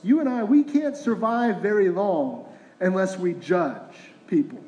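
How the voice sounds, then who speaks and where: High-voiced man preaching in an echoing hall. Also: measured pace, a little mellow, highs cut off. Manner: conversational preaching with rhetorical questions. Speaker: pastor. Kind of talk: sermon.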